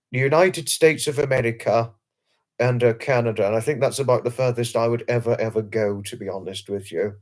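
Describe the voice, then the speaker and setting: A British man hosts a late-night livestream from a home setup. He reads viewers' comments aloud and answers them by name. His talk is casual and emphatic, and he repeats phrases often. His voice sits in an ordinary middle pitch. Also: darkish tone. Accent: British English. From England. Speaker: livestream host.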